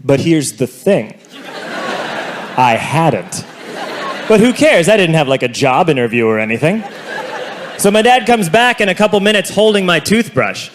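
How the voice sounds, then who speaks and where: A male stand-up comedian telling a story in a high, lively voice that moves all over its range. His delivery is deadpan and mock-legal, and a noisy room sits behind him. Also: normal speed, pauses often, some chatter behind.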